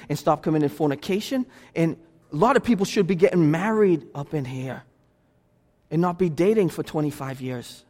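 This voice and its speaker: A man preaching as pastor in a church, pressing his points with emphatic repetition. His voice sits high for a man. Long reverb rings off the sanctuary walls. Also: darkish tone. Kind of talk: sermon.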